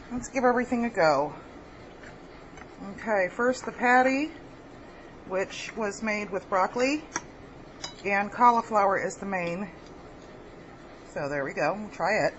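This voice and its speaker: A woman's voice: mid-range voice, fairly bright tone, dull audio, slight background noise. A woman hosting a home cooking video, chatting casually and laughing at her own kitchen mistakes. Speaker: cooking vlog host.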